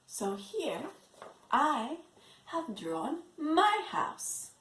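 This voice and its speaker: A woman teaching English to young children in an online lesson, slowly repeating words for them to copy. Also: sits high, wildly swooping pitch, a bit bright, slight background noise. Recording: echoey room.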